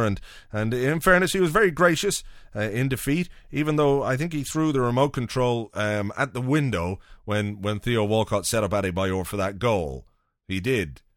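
A man's voice: fairly low pitch, no room sound, clean studio sound. A man hosting a podcast, telling a rambling, profane, wry story in a casual solo monologue. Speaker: podcast host.

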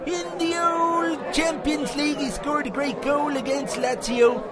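Man doing a booming Irish pub storyteller. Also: level tone, measured pace, a loud crowd. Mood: boisterous. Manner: hammy mock-medieval booming declamation. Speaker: pub storyteller segment regular. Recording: noisy crowded pub background.

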